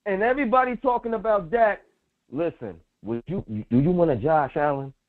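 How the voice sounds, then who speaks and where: A man co-hosting a sports talk show, loud and emphatic, repeating phrases for effect. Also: high voice, moderate pace. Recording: tinny phone-like audio.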